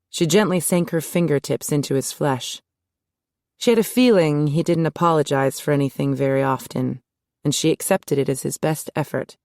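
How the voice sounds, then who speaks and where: Low-voiced woman reading a romance audiobook, smooth and even, dry studio sound. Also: moderate pace, no echo. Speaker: audiobook narrator. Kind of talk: scripted narration.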